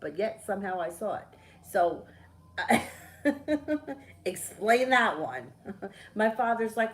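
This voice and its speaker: A middle-aged woman, a tarot reader chatting casually on a live stream, telling a story with lively, swearing asides. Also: medium pitch, slow pace, long pauses, rough recording.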